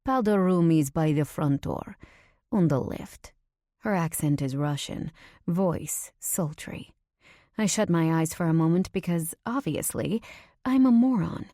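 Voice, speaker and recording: Female narrator for a first-person romance audiobook: low, mellow voice, intimate delivery with breathy whispers, dry close mic. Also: no room sound.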